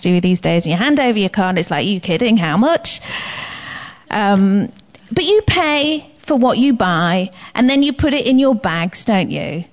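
Woman preacher, emphatic and commanding, high and lively pitch. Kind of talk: sermon. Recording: slightly dull lo-fi recording.

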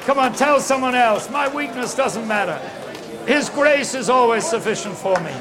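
A man's voice: extremely high pitch, moderate pace, a crowd in the background. A man preaching a sermon, urging the congregation to speak out, his voice strained.

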